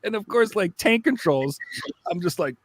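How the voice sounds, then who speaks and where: A man on a podcast, chatting casually and acting out lively voices as he tells a story. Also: high-pitched, moderate pace, a little hiss or hum. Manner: animated storyteller, acts out voices. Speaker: podcast co-host. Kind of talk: casual chat.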